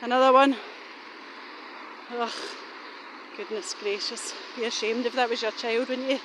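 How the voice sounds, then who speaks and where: Woman, middle-aged, high voice, rambling and suspicious, filmed while out walking. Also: steady tone, unhurried, fairly bright tone, a little hiss or hum. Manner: rambling, suspicious, swears casually. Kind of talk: rambling walking vlog monologue. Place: outdoors, walking.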